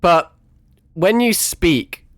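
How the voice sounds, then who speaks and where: A man's voice: high-pitched, expressive, extremely slow, fairly bright tone, no echo, clean studio sound. A young man streaming a game, chatting casually, swearing freely and mocking himself, his voice a bit strained from hours of talking. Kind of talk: casual live-stream gaming chat.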